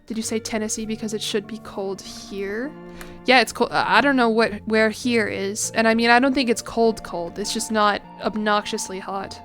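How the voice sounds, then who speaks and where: A woman's voice: a little high, fairly even intonation, moderate pace, fairly bright tone, soft background music. Chatty young woman streaming a game. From United States. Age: young adult. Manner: chatty, self-deprecating, reads chat aloud and laughs often. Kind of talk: casual gaming stream chat. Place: home room.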